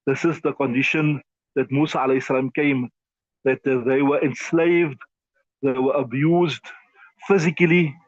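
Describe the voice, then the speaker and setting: A man's voice: fairly high pitch, no echo. A man teaching a Quran commentary class in a conversational, emphatic way, often repeating himself and using fillers. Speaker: Islamic teacher. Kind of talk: tafsir class lecture. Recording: dull lo-fi dry sound.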